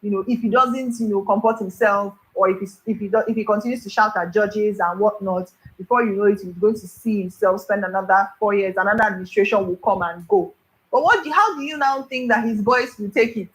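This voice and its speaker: A woman's voice: mid-range voice, low-quality recording. A woman with a Nigerian accent hosting a talk show panel, summing up guests' points before asking her question. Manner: measured, recaps guests' points. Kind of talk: moderating a panel.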